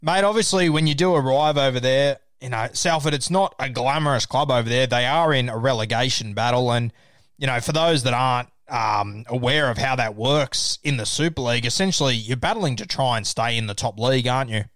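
Chatty Australian host, dry close sound. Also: male voice, medium pitch, a little fast, fairly bright tone, no room sound. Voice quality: chatty, leading questions. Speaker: podcast host. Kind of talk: casual interview.

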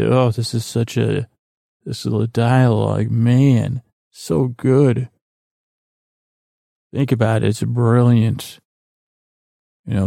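A man hosting a podcast, casually recapping in a rambling way with halting restarts and acted-out quotes. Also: medium pitch, fairly even intonation, gravelly, mellow, dry recording, studio quality. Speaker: podcast host.

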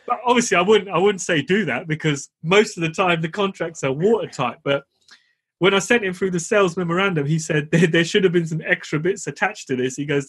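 A man's voice: sits high, fairly quick, fairly bright tone, slightly rough. A man co-hosting a podcast, telling stories in a chatty, laughing way. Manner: chatty, storytelling, laughs while talking. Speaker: podcast co-host. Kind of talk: casual podcast chat.

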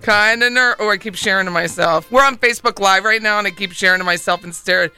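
Philly accent lady on the radio, super bright clear voice, punchy and repeats herself. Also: medium pitch, fast talker, faint music behind. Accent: Philadelphia. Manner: emphatic, repeats key words. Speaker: radio talk show host. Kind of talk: casual radio talk. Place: radio studio.

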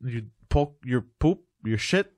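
Halting man in a dry studio. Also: mid-range voice, expressive, darkish tone, no room sound. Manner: halting, repeats himself while explaining. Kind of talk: casual comedy podcast banter.

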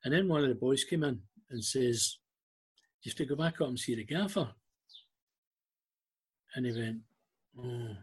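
A former club liaison officer, this older Scottish man is a guest in a casual interview, telling anecdotes and acting out the voices of the people in them. His mid-range voice is animated and slightly rough, a little slow, with frequent pauses.

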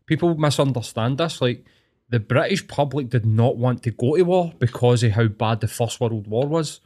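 A man's voice: mid-range voice, normal speed, darkish tone. A young Scottish man hosting a podcast, giving blunt, sweary, opinionated rants in casual chat. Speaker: podcast host.

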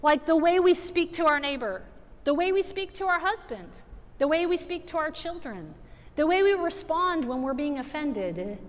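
A woman preaching with a very high voice, her words ringing out in a long-reverb church hall. She builds from conversational teaching to emphatic, rising exhortation. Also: expressive, moderate pace. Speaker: guest preacher. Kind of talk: sermon. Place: church sanctuary.

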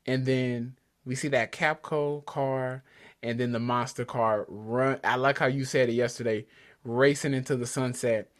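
A man's voice: medium pitch, measured pace. A man co-hosting a podcast in a casual chat, talking with eager enthusiasm and frequent restarts. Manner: excitable, enthusiastic, stumbling restarts. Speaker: podcast co-host. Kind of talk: casual chat about drag racing.

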